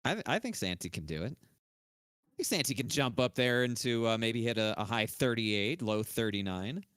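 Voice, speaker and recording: A male race commentator with a mid-range, smooth voice, trading relaxed jokes and lap predictions. He reads out times plainly between the gags. The recording is dry and close. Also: mid-range voice, normal speed, no room sound. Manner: joking, laid-back banter with lap predictions.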